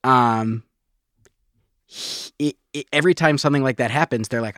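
A man's voice: medium pitch, moderate pace, pauses often, fairly bright tone, no echo, clean studio sound. A man co-hosting a podcast, explaining things earnestly and a little apologetically. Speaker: podcast co-host. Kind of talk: casual explanation.

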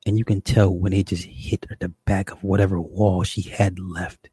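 A man's voice: deep voice, little pitch movement, normal speed, dark tone, breathy edge, dry recording. A young man doing stand-up, telling a crude story in a profane, exasperated, rambling way. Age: young adult. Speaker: stand-up comedian.

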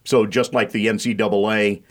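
A man's voice: fairly low pitch, flat delivery, moderate pace. A man co-hosting sports talk radio, explaining a point in a matter-of-fact way.

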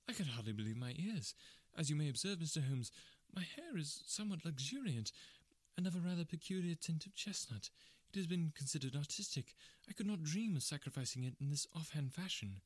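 A man narrating a classic first-person story in a measured, precise audiobook reading. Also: a little high, expressive, no room sound.

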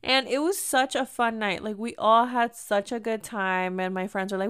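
A woman's voice: a little high, normal speed, hardly any pauses, a bit bright, smooth. A young woman hosting a podcast, telling a casual story full of "like" and mixing English with Spanish. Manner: chatty, switching between English and Spanish, lots of "like". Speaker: podcast host.

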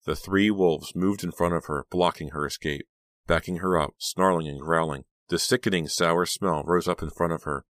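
A man narrating a horror audiobook in a steady, measured reading. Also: low-pitched, dry recording, clean studio sound. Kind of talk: scripted narration.

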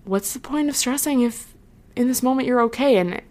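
A woman's voice: on the high side, normal speed, darkish tone. Chatty young woman podcaster. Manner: chatty, full of "like", trailing off; earnest, reassuring. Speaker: podcast host. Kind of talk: casual solo podcast chat.

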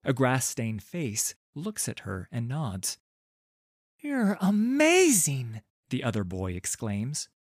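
A man reading a fantasy story aloud in a calm, measured and gently expressive way. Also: mid-range voice, dry recording, studio quality. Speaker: narrator. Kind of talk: scripted storybook narration.

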